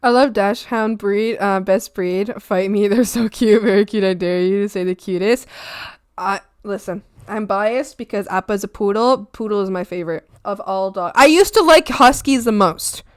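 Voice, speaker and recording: A woman's voice: mid-range voice, moderate pace, clean tone, no echo, clean studio sound. A young woman chatting casually on her art stream, gushing and giggly, sliding into baby talk. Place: home streaming setup.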